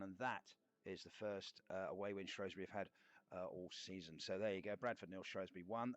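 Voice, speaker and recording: A man voicing a sleazy, boastful middle-aged male cartoon bassist, rambling through fan questions in an in-character live chat. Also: natural voice. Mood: chatty. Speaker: cartoon band member answering fan questions.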